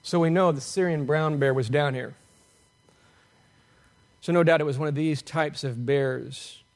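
A man preaching a sermon, animated and emphatic, asking the congregation rhetorical questions. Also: fairly high pitch, a little slow. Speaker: pastor.

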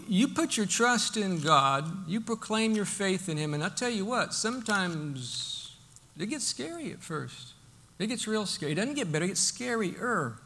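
A man's voice: sits high, sharp tone. A man preaching a sermon in a conversational, folksy way, often restarting his sentences. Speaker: pastor.

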